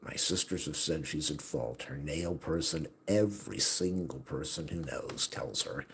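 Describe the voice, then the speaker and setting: A middle-aged man venting bitterly in a personal monologue, his agitated voice swinging from hushed mutters to near-shouts. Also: rumbling low, measured pace, slightly rough. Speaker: vlogger.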